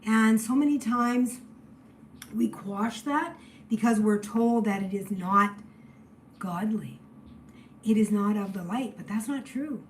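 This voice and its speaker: A woman giving a spiritual tarot reading, emotional and shifting between loud exclamations and hushed near-whispers. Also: medium pitch, slow pace, pauses often, a little hiss or hum, poor audio. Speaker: tarot reader.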